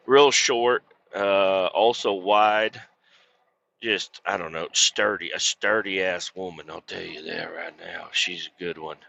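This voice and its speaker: A man's voice: on the low side, bright, forceful tone, highs cut off. A man driving a truck, telling rambling, profane stories in a casual vlog from inside the cab. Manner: profane, rambling storyteller with mimicked voices. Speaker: truck driver vlogger.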